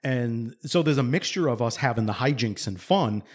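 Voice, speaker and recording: A man in his forties co-hosting a podcast, spinning a long story in loose, casual talk. He swears freely, circles back on himself, and turns lively whenever he acts out what someone else said. His voice sits at an ordinary middle pitch for a man. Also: moderate pace. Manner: rambling, profane, animated when quoting others. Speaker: podcast co-host.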